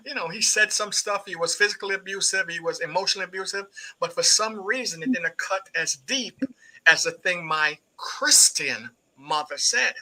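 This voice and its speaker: A man's voice: on the high side, bright, forceful tone, poor audio. A middle-aged Jamaican man, a guest poet, earnestly telling his personal story and acting out remembered speech. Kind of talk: personal testimony in an interview.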